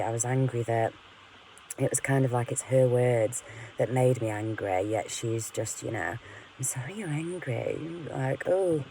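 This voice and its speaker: A woman's voice: extremely low pitch, darkish tone, a little hiss or hum, low-quality recording. A woman venting in a candid, rambling monologue to her camera, frank and full of swearing, often laughing at herself. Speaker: vlogger.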